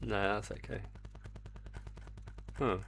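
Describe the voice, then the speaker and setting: A man live-streaming his game development, chatting casually and excitably, swearing freely, into a desk microphone on a stand. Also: fairly low pitch, slow, vocal fry. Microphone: desk mic on a stand.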